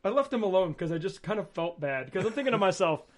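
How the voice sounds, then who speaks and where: A high-pitched man on a film podcast, telling a story in a casual, teasing way. He reads out old messages and jokes with his co-hosts. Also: big pitch swings, quick pace. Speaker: podcast co-host. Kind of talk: casual chat.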